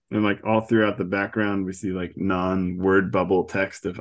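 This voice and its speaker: Man, lowish voice, chatty, laughs a lot, casual comic recap, podcast host. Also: level tone, normal speed. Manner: chatty, laughs often, acts out quotes.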